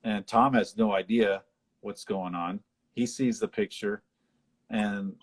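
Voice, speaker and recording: A man co-hosting a live chat, retelling film scenes and jumping into high-pitched voices to quote characters. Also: takes it slowly, long pauses, noisy background. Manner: animated retelling, acts out lines in high voices. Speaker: podcast co-host. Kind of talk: casual chat about a film.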